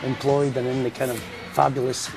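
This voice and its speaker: A man's voice: mid-range voice, fairly quick, creaky, music in the background. An older Scottish man, a musician guest telling jokey stories in a chatty morning interview. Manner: jokey, lively storyteller.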